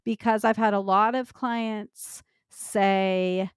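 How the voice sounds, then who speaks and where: A woman's voice: mid-range voice, steady tone, slow pace, hardly any pauses, clear, resonant tone, dry recording, studio quality. A woman hosting a podcast, talking earnestly and with empathy about clients she counsels. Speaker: podcast host, lactation consultant. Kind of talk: podcast conversation.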